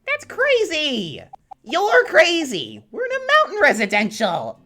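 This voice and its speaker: A woman voicing an excitable young man in a hospital bed, given to dramatic playful outbursts. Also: low-pitched, unhurried, soft background music, full character voice. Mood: outraged. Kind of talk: visual novel voice reading.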